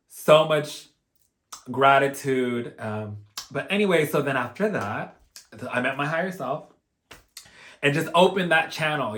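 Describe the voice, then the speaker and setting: A man's voice: medium pitch, a bit bright. A man casually telling a personal story in an earnest, openly emotional way, rambling and filling his talk with "like" and "you know". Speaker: spiritual vlogger.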